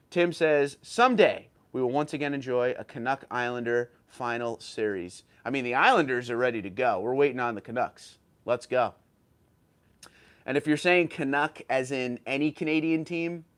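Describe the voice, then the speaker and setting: His voice is medium-pitched and smooth. He's a thirty-something from New York hosting a relaxed livestream, chattily reading viewer comments out loud and answering them while sounding slightly tired and fumbling words now and then.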